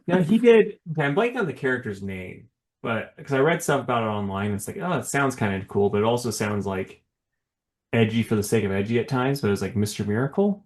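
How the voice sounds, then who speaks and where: A man's voice: medium pitch, animated, fast, a little mellow. A man co-hosting a podcast, chatting casually about comics. He rambles through his points with plenty of "like" and "you know," often breaking into a laugh. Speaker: podcast co-host. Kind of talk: casual chat.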